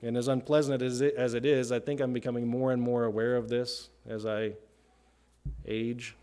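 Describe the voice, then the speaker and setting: A man's voice: medium pitch, level tone, normal speed, warm tone. A middle-aged man preaching a sermon in a conversational way, often checking in with "right?". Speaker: pastor.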